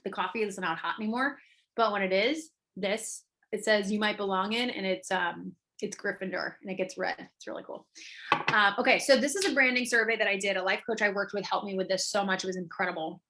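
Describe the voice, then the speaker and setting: A woman online business coach giving a live training, emphatic and energetic, often tagging her points with quick questions. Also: medium pitch.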